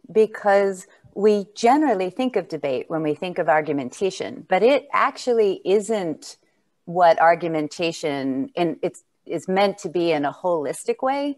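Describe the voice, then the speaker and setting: A woman's voice: fairly low pitch, a little mellow. A woman from the United States, a conference speaker, answering a host over a video call in a thoughtful, appreciative way. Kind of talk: conversational interview answers.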